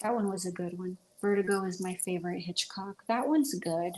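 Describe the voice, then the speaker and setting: A woman's voice: lowish voice, normal speed, darkish tone. A woman hosting a casual livestream from home, chatting to viewers about movies with a rambling manner and many ums. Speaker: livestream host. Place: at home with pets.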